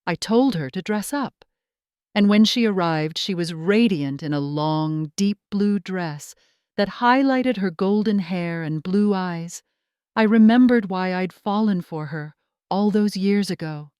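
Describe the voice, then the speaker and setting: A woman's voice: medium pitch, a little slow, darkish tone, clean tone, dry recording. Woman narrating a story, dry and close.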